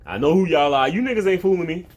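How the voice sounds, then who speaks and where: A man with a higher voice and lively intonation talks at a quick pace, sounding a little mellow, with the highs cut off. He's an online video host rambling through profanity-laced comedy at home, a cat in the room, often stopping mid-thought.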